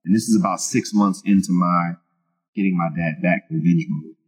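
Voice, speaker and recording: A man's voice: deep voice, steady tone, moderate pace, rough recording. A man telling his personal testimony as a guest in an interview, earnest and casual, with many fillers and restarts. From Virginia.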